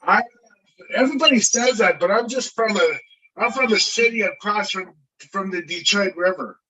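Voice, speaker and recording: A man's voice: high-pitched, normal speed, bright, forceful tone, husky. Earnest Canadian man on a distant line. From Windsor, Ontario, Canada. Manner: earnest, determined, a bit rambling. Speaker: guest YouTuber. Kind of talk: casual livestream chat.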